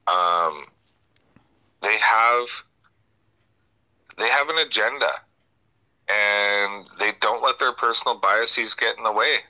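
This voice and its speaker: A man hosting talk radio, speaking in a halting, opinionated way with many restarts. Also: on the low side, sharp tone, poor audio. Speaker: radio talk show host.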